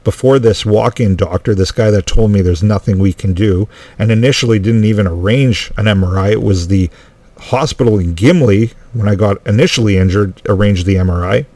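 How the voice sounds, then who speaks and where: A man's voice: fairly low pitch, brisk, dark tone, no room sound. A man telling a personal story in a rambling way, full of restarts and asides. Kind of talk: casual storytelling monologue.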